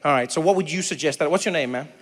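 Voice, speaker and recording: A South African comedian and host does stand-up in a fairly high-pitched, racing voice, telling a story, chatting with the crowd and animatedly acting out other people's voices. The live venue has long reverb and faint noise.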